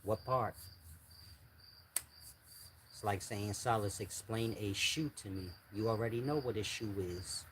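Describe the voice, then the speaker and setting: A man's voice: fairly low pitch, measured pace, pauses often, fairly bright tone. An older man, speaking bluntly in street slang to his viewers in a casual monologue. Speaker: channel host giving advice. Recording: faint insect and cricket noise. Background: crickets and insects faintly.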